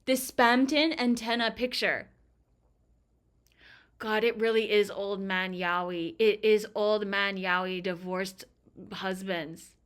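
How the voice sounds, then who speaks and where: A young woman streaming a video game, reacting with excited, swearing, laughing commentary. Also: medium pitch, takes it slowly, clear, resonant tone. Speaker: gaming streamer. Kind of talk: excited casual let's-play commentary. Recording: game music under voice. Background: game music.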